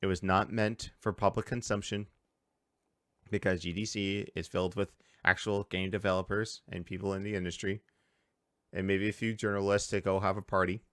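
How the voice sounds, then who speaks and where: A man's voice: low voice, moderate pace, clean tone, no echo, clean studio sound. A man from Canada hosting a podcast from home, ranting loosely and swearing as he talks about games. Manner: swearing, animated rants. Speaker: podcast host. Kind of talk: casual chat.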